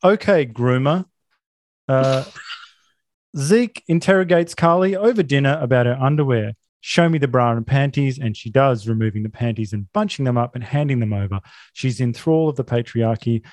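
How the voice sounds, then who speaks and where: A man co-hosting a podcast, recapping a film in deadpan sarcasm and mock outrage. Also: medium pitch, moderate pace, no echo, clean studio sound. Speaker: podcast co-host.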